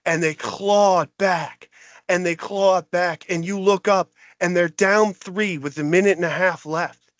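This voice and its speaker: A man's voice: high voice, unhurried, dry recording. A man co-hosting a podcast, delivering a heated, exasperated sports rant. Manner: exasperated, animated ranting. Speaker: podcast co-host.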